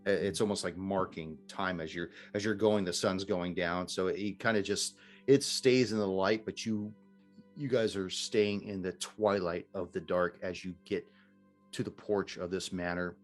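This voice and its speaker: A man's voice: deep voice, steady tone, normal speed, soft background music. A man narrating scenes as game master of a tabletop game, descriptive and given to laughter.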